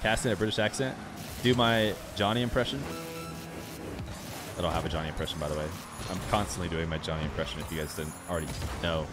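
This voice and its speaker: A young man with a fairly low voice talks loosely and casually to his stream chat, drifting from topic to topic. Game music runs clearly behind him the whole time. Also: quick pace. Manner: relaxed, rambling, talks straight to chat.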